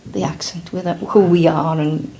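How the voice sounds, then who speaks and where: A woman's voice: low-pitched, steady tone, unhurried, dark tone. A woman interviewing a small group, asking probing questions and often restarting them mid-sentence.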